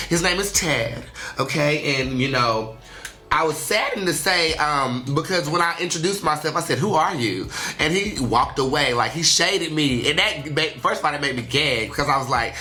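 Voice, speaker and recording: A young adult host giving a casual solo monologue on a radio show, animated and chatty, often tagging sentences with "okay?" and "honey". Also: medium pitch.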